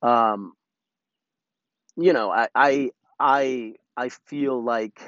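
This solo podcast host speaks extremely slowly in a medium-pitched, fairly bright voice, captured in a dry, muffled recording. He rambles candidly and reflects on himself, swearing often and starting sentences over.

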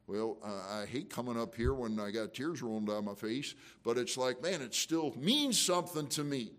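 A man's voice: mid-range voice, animated, normal speed, fairly bright tone. Fervent folksy male preacher. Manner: fervent, conversational preaching with emotional surges; frequent restarts and folksy asides. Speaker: pastor. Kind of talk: sermon.

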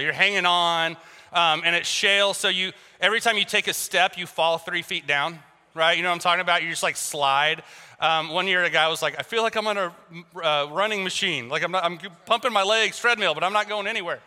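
Male preacher, high voice, keeps the sermon light with jokes and questions to the crowd; recorded in a reverberant hall. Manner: animated, joking, talks to the crowd with questions. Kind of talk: sermon with personal storytelling. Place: large hall with a congregation. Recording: long reverb from a large hall.

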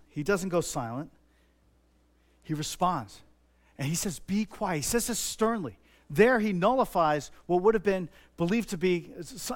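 High-voiced man preaching earnestly. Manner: earnest, repetitive, rises to emphatic stresses. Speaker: pastor. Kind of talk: sermon.

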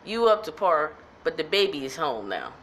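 A woman's voice: deep voice, very animated, normal speed, a bit bright, slight background noise. A woman hosting her podcast, telling the story in an emphatic, chatty way. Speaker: podcast host. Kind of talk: casual chat recapping a soap opera.

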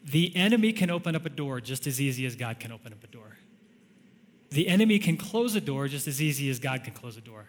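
A man's voice: medium pitch, big pitch swings, fast, big-room sound. A male pastor giving a conversational sermon, telling stories with frequent chuckles.

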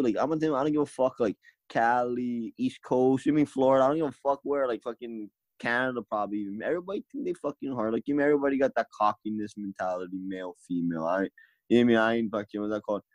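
A man's voice: medium pitch, fast, a little mellow, no echo, low-quality recording. A young man from Hawaii, a podcast guest in casual chat, rambling and swearing a lot. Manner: rambling, swears a lot, repeats "you know what I mean".

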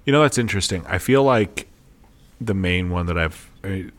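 A man's voice: low voice, animated, moderate pace. A young man co-hosting a podcast, chatting casually and rambling, laughing often as he tells stories. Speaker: podcast co-host. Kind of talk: casual chat.

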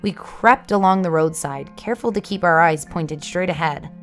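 A woman telling a first-person scary story in a hushed, tense, dramatic way. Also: on the low side, moderate pace, faint music behind.

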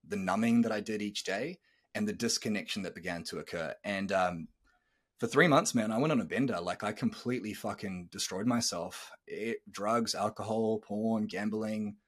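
A man's voice: fairly low pitch, normal speed. A man in his thirties hosting a podcast, telling a personal story in a candid, earnest way and swearing casually. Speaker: podcast host.

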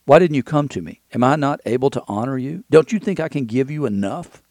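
A man's voice: mid-range voice, lively intonation, a little fast, a little mellow, dry recording, studio quality, close to an everyday voice. A man voicing an indignant king who demands to know why he was kept waiting.

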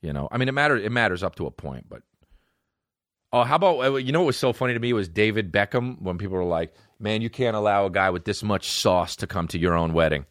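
A male podcast host with a low voice that swings widely up and down as he riffs. He rambles through a profane, comedic rant and keeps breaking into invented back-and-forth dialogue. The sound is dry and close, with no room around it. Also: lively intonation, quick pace, a bit bright, no echo.

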